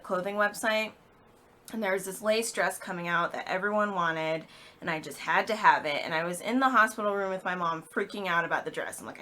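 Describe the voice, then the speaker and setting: A young woman in her twenties, a vlogger, telling an emotional personal story with halting speech and many fillers. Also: lowish voice, bright, forceful tone.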